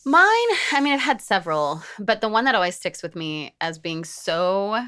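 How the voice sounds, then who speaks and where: Podcast co-host, woman, animated storyteller with a low-ish, bright, very varied voice. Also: normal speed, clear, resonant tone. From Italian-American family. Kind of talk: casual podcast chat and reading listener stories.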